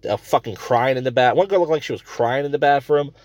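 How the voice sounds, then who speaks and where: A man's voice: medium pitch, fairly quick, a little mellow, no echo, muffled recording. A man hosting a comedy podcast, ranting crudely and rambling between stories. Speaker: podcast host.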